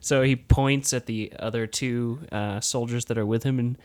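A man's voice: mid-range voice, steady tone, moderate pace, darkish tone. Casual man running a tabletop game. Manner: casual, swears, laughs often. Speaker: game master.

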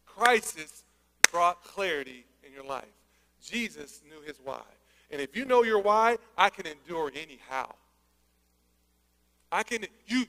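A man preaching a sermon, energetic and conversational, with joking asides. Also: high voice, fairly quick. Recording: long hall reverb.

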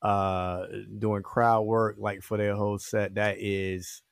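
A man's voice: lowish voice, little pitch movement, slow, clear, resonant tone, dry recording, clean studio sound. A man, a guest comedian, talking in a rambling, casual way. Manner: rambling, many fillers and restarts. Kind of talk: casual interview chat.

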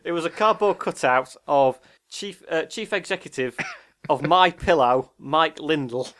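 A man's voice: fairly high pitch, unhurried, a bit bright. A man co-hosting a casual chat show, rambling and hesitant as he looks things up while talking. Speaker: co-host.

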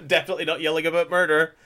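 Lively man recapping with put-on voices. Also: a little high. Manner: lively, acts out characters' lines in quick put-on voices. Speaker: podcast co-host. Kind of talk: casual chat recapping an anime.

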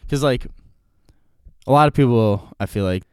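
A man's voice: medium pitch, normal speed, a little mellow, clean tone, no echo, clean studio sound. A young man chatting casually on a podcast, rambling with many fillers and restarts.

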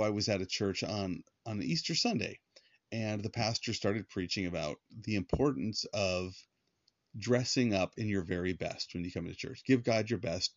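Male podcast host, fairly low voice, relaxed Bible teaching; dull, dry, lo-fi recording. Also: no room sound. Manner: conversational, with frequent fillers and restarts.

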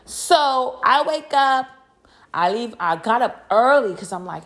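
A young adult woman hosting a podcast, telling a story in a casual, animated way, laughing often and swearing freely with slangy asides. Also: on the high side, measured pace. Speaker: podcast host.

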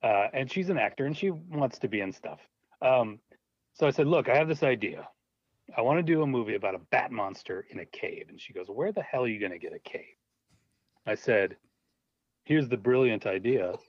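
A man's voice: medium pitch, normal speed, breathy edge, dry recording. A man as an interview guest, telling a story in a casual, laughing way and acting out the voices in it. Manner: animated, laughing, acts out voices in his stories. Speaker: guest, low-budget filmmaker. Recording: dull, dry lo-fi audio.

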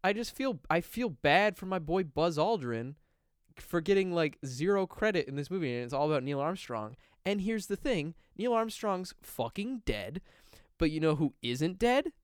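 A man's voice: a little high, sing-song, moderate pace, smooth, no echo, studio quality. A man chatting casually on a podcast, telling rambling stories and slipping into silly quoted voices. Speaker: podcast host. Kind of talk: casual chat.

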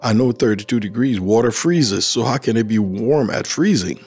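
In a husky voice on the low side, a middle-aged Liberian man talks at normal speed with a Liberian accent about his own life. He's a lively storyteller who performs the dialogue he quotes, and faint music is audible behind him.

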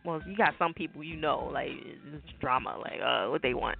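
A woman's voice: sits low, moderate pace, creaky, breathy edge, soft background music. A woman hosting a radio talk show, talking in a laid-back, slangy, rambling way. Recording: tinny phone-like audio.

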